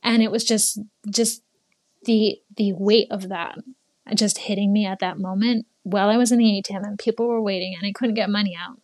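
A woman's voice: mid-range voice, fairly even intonation, fairly quick, a little mellow, no echo. A woman in her twenties telling stories in a casual interview, chatty with many fillers and laughing as she talks. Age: 20s. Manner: chatty, lots of fillers, laughs while talking. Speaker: guest, former English teacher.

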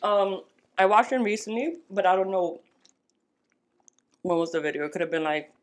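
A woman's voice: medium pitch, moderate pace. Chill woman from nyc, switches into here and there, mid voice. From New York. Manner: laid-back, mixes Spanish into English. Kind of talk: casual chat.

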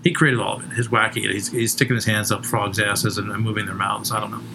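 A man's voice: lowish voice, flat delivery, fast, vocal fry, noisy background. A man co-hosting a comedy show, rambling through crude stories with lots of swearing and laughing at his own jokes.

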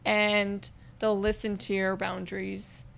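A young woman co-hosting a podcast, talking through her thoughts in a relaxed, reflective way. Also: mid-range voice, slow pace, creaky, slight background noise. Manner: reflective, lays out points with ums. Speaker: podcast co-host. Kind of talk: casual chat.

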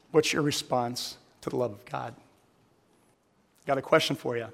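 A man's voice: mid-range voice, fairly even intonation, normal speed, vocal fry, pauses often, a bit bright. A man preaching in church, telling a story and asking the congregation questions. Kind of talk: sermon with storytelling. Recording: echoey hall.

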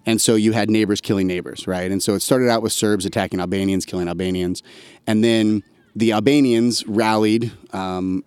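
A man's voice: fairly low pitch, a little mellow, smooth, dry recording. A man, an army veteran guest on a podcast, telling a long story in a loose, slangy, conversational way. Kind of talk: casual storytelling chat.

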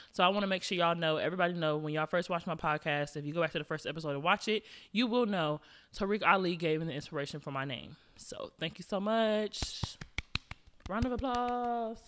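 A woman's voice: deep voice, fairly bright tone. Brief: young woman podcast host, loose slangy chat straight to listeners. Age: young adult. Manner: chatty, slangy, addresses listeners directly. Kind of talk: casual solo podcast chat.

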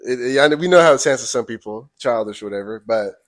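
A relaxed young man chats as a podcast co-host, easygoing and hesitant with frequent ums. His voice sits at a middling pitch for a man. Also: fast. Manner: laid-back, many ums. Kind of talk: casual chat.

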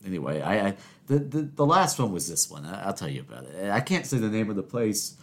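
A young male host tells a story casually, the way he would to a friend, his low voice rising and falling a lot. He rambles, breaks off mid-sentence and starts over, and chuckles at his own jokes. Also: sing-song, fairly quick. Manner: rambling, self-interrupting, laughs at own stories. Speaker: podcast host.

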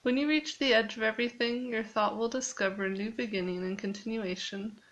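A woman reading aloud as a calm, patient fatherly creator god who speaks softly. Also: a little high, fairly quick, natural voice, poor audio. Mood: gentle.

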